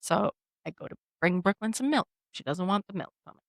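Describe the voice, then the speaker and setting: Animated woman telling stories on a podcast. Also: mid-range voice, fast, no room sound. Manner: animated storyteller who acts out quotes. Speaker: podcast co-host; mother of two young children. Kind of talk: casual podcast chat.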